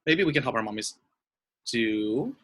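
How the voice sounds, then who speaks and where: Young male kids' teacher, sweet and sing-song, bright and very animated. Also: mid-range voice, rough recording. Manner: sing-song, speaks slowly and sweetly to small kids. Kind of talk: online lesson for young children.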